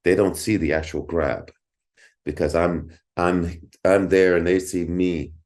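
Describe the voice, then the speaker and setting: Deep-voiced middle-aged man, podcast guest, animated storyteller with frequent laughs and restarts. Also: measured pace. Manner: animated, repeats words, laughs often. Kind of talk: casual storytelling.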